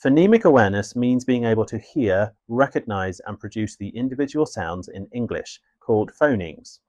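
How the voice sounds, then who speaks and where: A man narrating a scripted English lesson in a clear, measured, instructive way. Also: mid-range voice, animated, a little mellow, dry recording. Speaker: English teacher.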